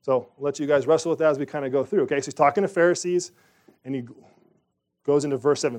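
A man's voice: a little high, fairly even intonation, quick pace, darkish tone. A man leading a Bible study, reading scripture aloud and talking it through in a conversational way, with asides and questions to the group.

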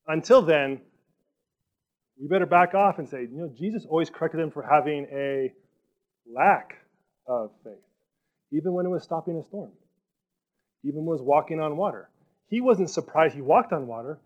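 A pastor delivers a sermon in a loose, conversational way, with a voice sitting a bit higher than most men's. He keeps it animated and slips into quick voices for what people might say. The recording sounds dull and lo-fi. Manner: animated, conversational, acts out quoted speech.

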